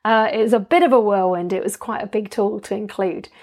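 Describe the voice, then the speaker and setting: A woman's voice: medium pitch, fairly even intonation, brisk, darkish tone. A woman hosting a solo health coaching podcast, talking listeners through steps in an upbeat, chatty way with frequent ums.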